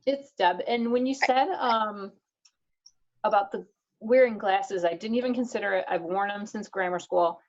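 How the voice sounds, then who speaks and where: A woman's voice: mid-range voice, normal speed, dull audio. A woman reflecting on her experience in a workshop. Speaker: workshop participant. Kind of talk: casual sharing.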